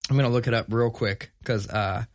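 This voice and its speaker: A man co-hosting a casual podcast, talking in a relaxed, conversational way and telling stories. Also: medium pitch, brisk. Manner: conversational, reads sponsor plug casually. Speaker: podcast co-host. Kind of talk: casual chat.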